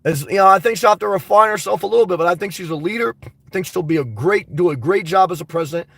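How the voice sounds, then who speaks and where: Gravelly high-voiced man chatting with viewers. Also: fast talker, no room sound, far from the mic. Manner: rambling, animated, talks straight to viewers. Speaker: live stream host reading viewer comments. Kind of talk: casual live chat.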